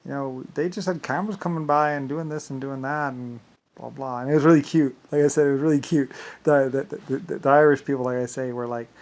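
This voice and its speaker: A man speaks in an ordinary middle-pitched voice, winding through a long solo vlog monologue. He loops back on himself often and keeps padding his sentences with stock filler phrases. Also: steady tone, fairly quick, darkish tone. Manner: meandering, repeats "like I said" and "blah, blah". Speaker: vlogger.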